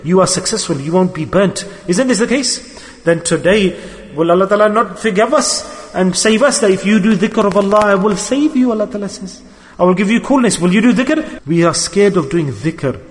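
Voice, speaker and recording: A man's voice: high-pitched, animated, moderate pace. A man preaching a sermon with emotive storytelling, repeating his key words. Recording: long hall reverb.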